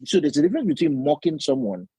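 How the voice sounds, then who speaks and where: A young man with a Nigerian accent, co-hosting a podcast in casual chat, animated and often acting out other voices with laughter. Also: a little high, fast talker, husky, no echo. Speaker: podcast co-host.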